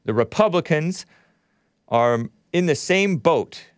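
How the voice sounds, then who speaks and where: A man's voice: a little high, expressive, slow, clean tone, no echo, studio quality. A man hosting a livestream show, reading viewer chats aloud and giving blunt, opinionated commentary as he thinks aloud.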